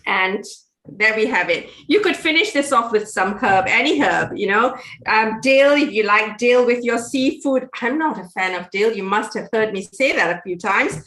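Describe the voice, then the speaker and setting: A woman's voice: fairly high pitch, animated, normal speed, fairly bright tone, echoey room. A woman co-hosting a live cooking show from her kitchen, chatty and laughing often as she explains a recipe. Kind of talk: casual cooking demo chat. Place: home kitchen.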